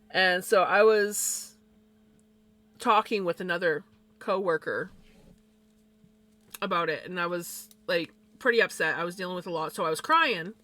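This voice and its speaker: Bright-voiced, blunt woman streamer. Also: fairly low pitch. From Canada. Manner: blunt and expressive, swears freely. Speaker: live streamer. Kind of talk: casual storytelling chat with viewers.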